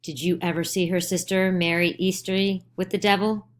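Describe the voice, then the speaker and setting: A woman's voice: lowish voice, level tone, normal speed, natural voice. A woman voicing a stern older male judge who questions urgently and insistently in a dramatized play reading. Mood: pressing.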